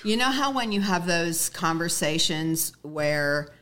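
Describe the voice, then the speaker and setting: A woman's voice: fairly low pitch, animated, a little slow, a bit bright. A woman guest telling a personal story in earnest, acting out the dialogue she quotes.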